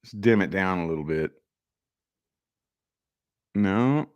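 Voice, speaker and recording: A man's voice: sits low, expressive, takes it slowly, smooth, lo-fi sound. A man hosting a casual live stream from his home office, rambling in a laid-back way and talking straight to his viewers.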